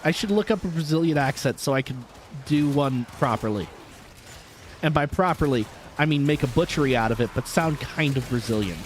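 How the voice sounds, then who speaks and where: A man's voice: on the high side, fairly quick, slight background noise. An American man streaming a game live, chatting and joking with his viewers in a loose, playful way. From United States. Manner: jokey, animated, chatting with viewers. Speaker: vtuber streamer. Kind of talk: casual live-stream chat while gaming.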